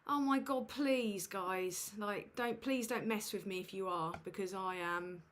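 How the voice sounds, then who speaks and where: A woman hosts a livestream from home through a USB desk microphone, her medium-pitched voice moving at a measured pace. She comes across flustered and self-mocking, trailing off into fillers and swearing casually.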